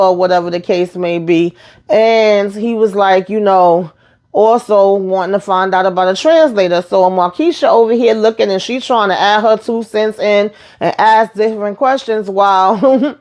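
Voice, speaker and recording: Lady doing a chatty tv recap, retelling scenes with lots of asides, middle pitch. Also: normal speed. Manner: chatty, animated retelling with asides and acted-out quotes. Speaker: recap host. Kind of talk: casual TV recap.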